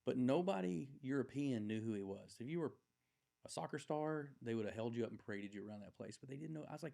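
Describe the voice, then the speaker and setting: A man's voice: medium pitch, lively intonation, fast talker, vocal fry, mellow. A man in his forties, a podcast guest, telling a long anecdote in a casual, rambling way with plenty of fillers. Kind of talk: casual storytelling.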